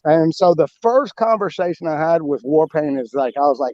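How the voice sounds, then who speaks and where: Guy w/ kinda high voice, rambly and animated, dry muffled call audio. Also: normal speed, hardly any pauses, dry recording. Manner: rambling, animated, with many restarts and fillers. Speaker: guest author. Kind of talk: casual conversational interview.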